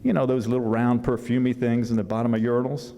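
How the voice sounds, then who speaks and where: A man's voice: medium pitch, little pitch movement, quick pace, dark tone, lightly acted. A man reading aloud as an old grandfather who is a large animal veterinarian, explaining things in a wry, matter-of-fact way. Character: old grandfather, country large animal vet, dry humor. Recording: long hall reverb.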